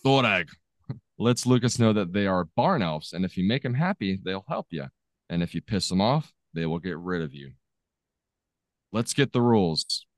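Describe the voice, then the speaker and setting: A man's voice: low voice, big pitch swings, normal speed, no room sound. A man co-hosting a podcast, casually recapping a movie's plot with a laid-back manner and occasional chuckles. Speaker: podcast co-host recapping a film.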